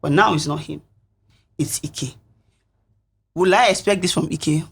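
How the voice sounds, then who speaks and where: A young woman from a reality show talks unhurriedly in a deep, husky voice, earnestly reflecting on events during an interview.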